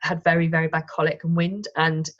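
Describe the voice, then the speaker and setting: A woman's voice: deep voice, flat delivery, fairly quick. Woman telling stories over lo-fi audio. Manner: storytelling, self-correcting, frequent restarts. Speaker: guest, wellness coach and Reiki practitioner. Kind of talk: casual conversational interview.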